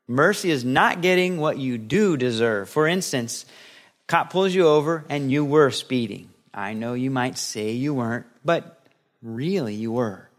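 A middle-aged man preaching a sermon as pastor, lively and playful, acting out little scenes as he teaches. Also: mid-range voice.

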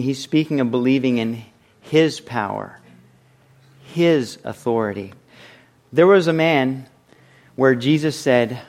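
A man preaching a sermon in a chatty, conversational way, asking rhetorical questions and swinging his voice up and down for effect. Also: mid-range voice. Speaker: pastor.

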